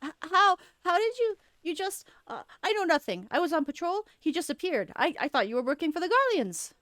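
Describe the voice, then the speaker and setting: A woman's voice: on the high side, normal speed, fairly bright tone, smooth, no echo, voice pushed up, close to an everyday voice. A woman voicing a treacherous, greedy male soldier who panics and pleads, reading game dialogue aloud on stream. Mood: panicked. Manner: panicky pleading, then gloating.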